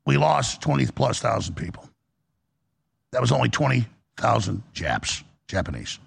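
A man's voice: medium pitch, big pitch swings, moderate pace, vocal fry, slightly rough. A man hosting a talk radio show with callers, talking in a rambling, emphatic way. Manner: rambling, emphatic, mocking quoted voices.

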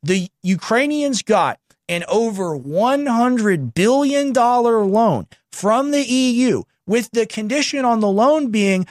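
A man hosting a show, reacting to news clips with sarcastic, mocking political commentary and telling the producer when to pause. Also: very high voice, lively intonation, dry recording, clean studio sound.

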